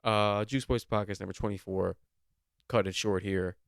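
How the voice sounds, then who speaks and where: Young dude rambling on his podcast, sarcastic and cussing, smooth clean voice, dry sound. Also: on the low side, steady tone, normal speed, no echo. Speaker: podcast host. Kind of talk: solo podcast commentary.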